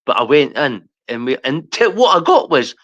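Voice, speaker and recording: A man's voice: a little high, sing-song, moderate pace, a bit bright, dry recording, highs cut off. Scottish guy rambling off on tangents, swears a lot, dry close sound. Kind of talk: casual chat.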